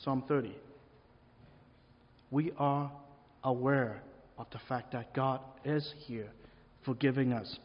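A man's voice: medium pitch, steady tone, takes it slowly, pauses often. A man preaching a sermon in an easy, conversational way, asking the listeners questions. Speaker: pastor. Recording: long reverb, dull lo-fi sound.

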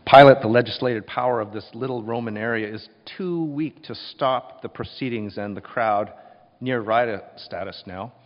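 A man preaching a sermon, telling the scene with emphatic, expressive storytelling. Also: mid-range voice, moderate pace. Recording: dull recording with long reverb.

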